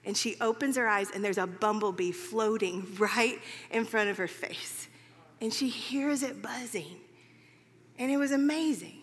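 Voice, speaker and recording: A woman's voice: mid-range voice, normal speed, hardly any pauses, fairly bright tone, big-room sound. A woman preaching a sermon in a chatty storytelling way, with many fillers.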